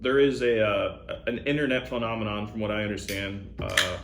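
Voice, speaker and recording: Man, low voice, relaxed, lots of ums, explaining a product, echoey room. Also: fairly quick, slight background noise. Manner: relaxed, filler-heavy explaining. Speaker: beer brand representative. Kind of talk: casual radio guest chat.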